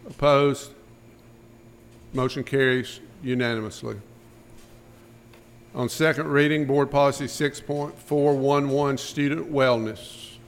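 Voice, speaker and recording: A man chairing a school board meeting, running through motions and votes in a brisk, routine manner. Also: mid-range voice, fairly even intonation, a little hiss or hum. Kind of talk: formal meeting procedure.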